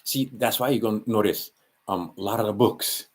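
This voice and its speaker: A man's voice: lowish voice, moderate pace, a little hiss or hum. A man with a Hawaiian Pidgin accent talking in a casual, rambling monologue, full of restarts and slang.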